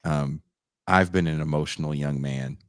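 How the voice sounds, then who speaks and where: A very deep-voiced podcast co-host speaks at normal speed, telling a story animatedly in casual conversation. He swears without restraint and acts out what people said, all captured in clean, echo-free studio sound.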